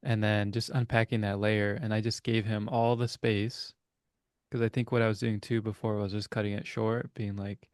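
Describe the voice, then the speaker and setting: A man's voice: lowish voice, flat delivery, moderate pace, a little mellow, no room sound, clean studio sound. A young adult man co-hosting a casual reflective chat over a video call, talking in an earnest, rambling way as he searches for words. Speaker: co-host.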